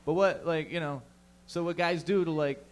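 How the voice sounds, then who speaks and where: A man's voice: a little high, moderate pace. A young man doing a stand-up set, with profane, rambling, conversational talk. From Canada. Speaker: stand-up comedian.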